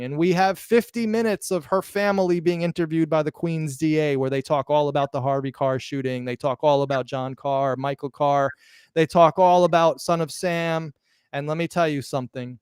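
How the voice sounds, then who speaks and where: A man hosts a live podcast in an excited, emphatic rush, tripping over words and starting them again as he goes. His voice is smooth and resonant, and the sound is dry and close, with no room around it. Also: medium pitch, dry recording. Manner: excited, emphatic, with restarts and stumbles. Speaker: podcast host.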